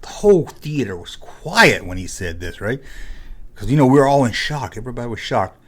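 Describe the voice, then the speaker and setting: A man's voice: medium pitch, sing-song, moderate pace, a bit bright, husky. A man hosting his own video, telling a story casually and acting out scenes with sound effects. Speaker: vlog host.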